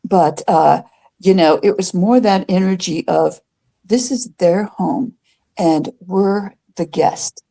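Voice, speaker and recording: Older female guest, mellow voice, rambling storyteller with many fillers. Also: lowish voice, slow pace, creaky. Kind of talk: casual storytelling chat.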